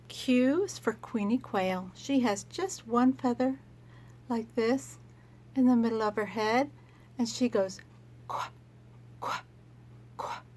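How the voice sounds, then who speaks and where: A woman teaching young children letter sounds, speaking gently and sounding out each letter. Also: a little high, slight background noise. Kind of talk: children's phonics lesson.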